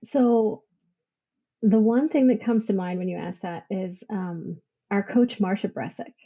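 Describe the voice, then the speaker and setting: Podcast guest, woman, warm and husky, emotional storyteller who laughs often, slightly muffled remote audio. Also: mid-range voice, measured pace. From Idaho, United States. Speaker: podcast guest, veteran business owner. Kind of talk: casual interview storytelling.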